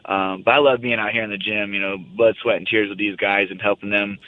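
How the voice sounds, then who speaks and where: Fast-talking young man on a phone line. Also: lowish voice, steady tone, dry recording. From United States. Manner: rambling, loose and profane. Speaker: guest fighter. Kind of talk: casual radio interview.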